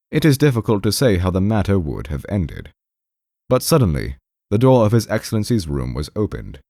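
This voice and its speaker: A man narrates a classic novel as an audiobook in a measured, expressive way. His low voice rises and falls widely with the story. The recording is dry and close to the microphone. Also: creaky, no room sound.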